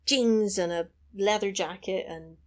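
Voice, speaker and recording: A woman's voice: mid-range voice, measured pace. A woman in a casual podcast chat, retelling a film scene and acting out the lines with little voices and laughs. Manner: chatty, acts out quotes in small voices, laughs often.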